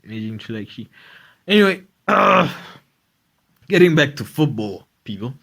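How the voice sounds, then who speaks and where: A man's voice: mid-range voice, sing-song, moderate pace, vocal fry, bright, forceful tone. A man hosting a casual comedy podcast, rambling and profane, with lots of fillers. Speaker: podcast host.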